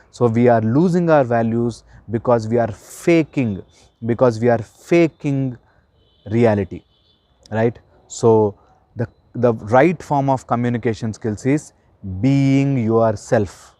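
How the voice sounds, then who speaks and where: A man giving an earnest spiritual talk, stressing points by repeating words and slowing down. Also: medium pitch, warm tone, dry recording. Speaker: spiritual counsellor and life coach. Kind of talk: earnest spoken talk to camera.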